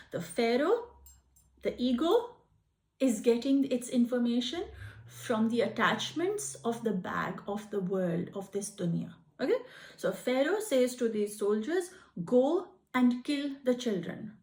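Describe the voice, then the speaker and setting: Brief: higher-voiced woman, emphatic spiritual talk, roomy echo. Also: darkish tone. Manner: emphatic, asks rhetorical questions. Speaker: spiritual art healer. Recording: echoey room.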